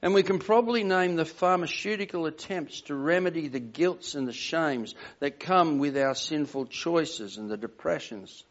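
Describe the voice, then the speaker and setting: A man's voice: a little high, animated, normal speed, hardly any pauses. An older man preaching a sermon in an earnest, emphatic way, often putting questions to the congregation. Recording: dull lo-fi sound.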